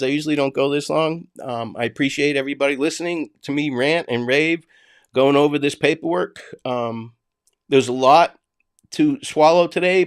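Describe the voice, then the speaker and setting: Ranting bluntly and with profanity, a Boston-accented livestream host addresses his viewers in a casual stream. His mid-range voice is clear and resonant, picked up alone by a home desk mic.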